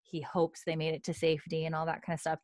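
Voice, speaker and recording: A woman's voice: low-pitched, completely flat delivery, fast, darkish tone, no room sound. A woman co-hosting a podcast, recapping a TV episode in a chatty way full of fillers. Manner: chatty, lots of likes, swears casually. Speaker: podcast co-host.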